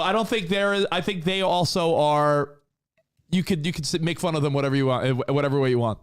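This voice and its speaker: A man's voice: a little high, quick pace, clean tone. A man co-hosting a podcast, telling rambling stories in casual chat. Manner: rambling, animated storytelling. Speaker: podcast co-host. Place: Los Angeles.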